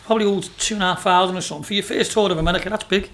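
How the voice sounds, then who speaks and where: A man talks in a loose, storytelling way on a podcast. His voice sits high for a man, and he swears freely and laughs through his anecdotes. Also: fairly even intonation, very fast, fairly bright tone. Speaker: racehorse owner and businessman, podcast guest. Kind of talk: casual storytelling interview.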